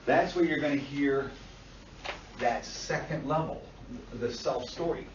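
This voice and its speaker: A man teaching a class, blunt and animated, swearing freely and acting out what clients say. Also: mid-range voice, measured pace, slight background noise. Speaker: instructor. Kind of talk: classroom lecture. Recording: far-off echoey lo-fi classroom recording.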